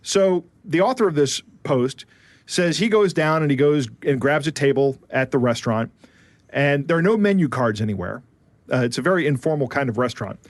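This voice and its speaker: Man, podcast co-host, casual storytelling, slightly high voice, dry close sound. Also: fairly quick, no echo. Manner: animated retelling with asides.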